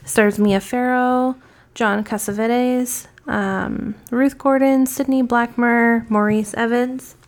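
A female podcast co-host in a casual film review, speaking calmly and reading the credits steadily. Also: a little high, slow pace.

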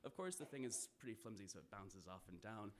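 A man's voice: fairly low pitch, expressive, brisk, slight background noise. A man telling a vivid first-person story to an audience, swearing and laughing now and then.

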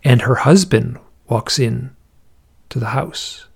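A man appears as an interview guest, a researcher of alien encounter accounts, musing aloud and telling stories in a casual way. His medium-pitched voice is husky with vocal fry, and he takes his time.

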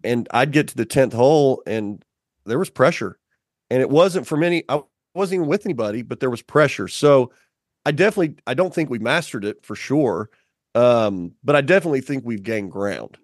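A man's voice: mid-range voice, brisk, dry recording, studio quality. A man in casual conversation, a podcast guest who tells stories animatedly with lots of fillers. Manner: animated storyteller, many fillers.

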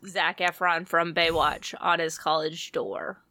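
A woman co-hosting a podcast, chatting casually with quick quips and frequent giggles. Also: on the low side, level tone, bright, forceful tone, no room sound, clean studio sound. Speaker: podcast co-host. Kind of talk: casual chat.

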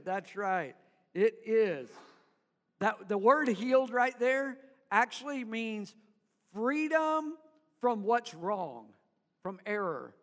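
A man's voice: high-pitched, a bit bright, big-room sound. A man preaching a sermon to his congregation in church, calling for responses and having them repeat after him. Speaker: pastor.

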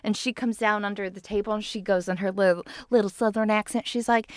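A woman's voice: mid-range voice, fairly even intonation, brisk, a little hiss or hum. A woman in her thirties co-hosting a casual podcast, retelling a cartoon episode and acting out the characters' lines. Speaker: podcast co-host.

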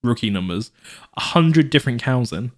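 A man's voice: medium pitch, expressive, normal speed. A man co-hosting a podcast in casual chat, rambling and restarting himself, animating anecdotes with put-on voices. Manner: rambling, self-correcting, lots of fillers and restarts. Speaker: podcast co-host.

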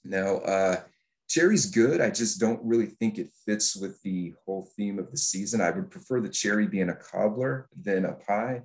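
A man with a notably deep voice chats as a guest on a radio talk show. His manner is easygoing and good-humored, and he takes his time over his thoughts. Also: moderate pace, a little mellow. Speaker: guest military historian. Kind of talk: casual radio chat.

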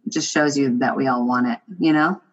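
Low, husky woman co-host, supportive and affirming, slightly dull recording. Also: steady tone, brisk. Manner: supportive listener, frequent affirmations. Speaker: podcast co-host. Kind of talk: casual chat.

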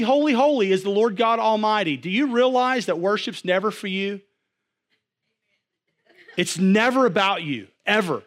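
A young adult man preaching a sermon, animated, swinging from loud to hushed. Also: high-pitched. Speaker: pastor.

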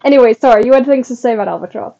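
A woman's voice: on the high side, racing, creaky, mellow, muffled recording. A woman co-hosting a podcast in casual chat, talking in a chatty, giggly way with lots of fillers. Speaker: podcast co-host. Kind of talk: casual chat about a comedy show.

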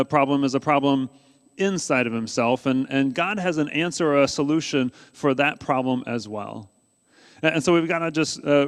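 A pastor preaching a sermon in a relaxed, conversational way, with frequent fillers and restarts. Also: male voice, on the high side, big-room sound.

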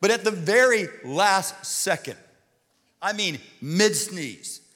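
Animated man preaching in a big hall. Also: sits high, slow. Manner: animated, comic storytelling with shouted punchlines. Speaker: pastor. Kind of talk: sermon with storytelling. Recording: long reverb of a large hall.

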